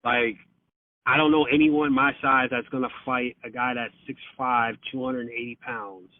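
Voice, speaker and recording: A man's voice: mid-range voice, flat delivery, normal speed, dry recording. A man in casual storytelling over the phone, swearing freely, using lots of fillers and acting out quotes. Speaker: podcast guest. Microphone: phone call. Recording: tinny dry phone line.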